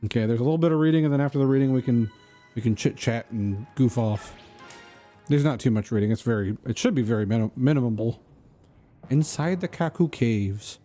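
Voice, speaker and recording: Streamer bavard à la voix douce. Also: male voice, mid-range voice, fast, warm tone, soft background music. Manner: rambling, joking, easily sidetracked. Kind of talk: casual chat while gaming.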